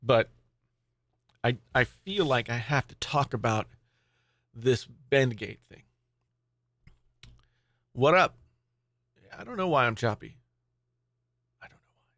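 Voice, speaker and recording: A man's voice: medium pitch, lively intonation, slow, pauses often, fairly bright tone, dry recording. A man hosting a casual live tech stream, rambling and distracted as he talks to his chat, angry today.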